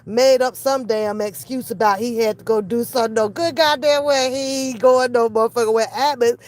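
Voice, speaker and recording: A woman's voice: a little high, brisk. A woman hosting a reaction channel, ranting in casual, profane commentary and mimicking the people she talks about. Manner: animated, profane, mimics others.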